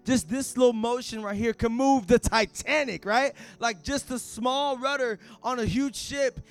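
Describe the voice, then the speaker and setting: A man preaching a sermon, moving from hushed asides to loud shouted declarations. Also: extremely high pitch, unhurried, clear, resonant tone.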